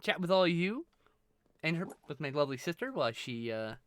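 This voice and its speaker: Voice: mid-range voice, very animated, fairly quick, no room sound. A live streamer chatting casually with viewers, thanking them and swearing freely. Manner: greets and thanks viewers warmly.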